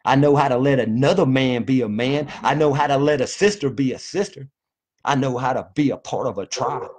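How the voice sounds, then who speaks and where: A man's voice: medium pitch, a little fast, darkish tone, breathy edge. A man delivering a fervent, profane, folksy monologue to his viewers. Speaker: vlogger. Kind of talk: impassioned monologue to camera.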